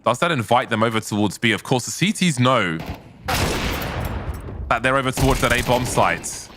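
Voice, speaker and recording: A man gives esports commentary with a bright, forceful tone. He talks through the match in an easy conversational way and lifts his voice for the key calls. Faint noise sits under the voice. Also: mid-range voice, normal speed. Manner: conversational, rises to excited calls. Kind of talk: play-by-play and analysis commentary.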